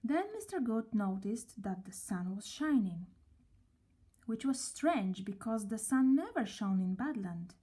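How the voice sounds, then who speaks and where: A woman reading a children's story aloud, gently and at a slow, storybook pace. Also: mid-range voice, sing-song, husky.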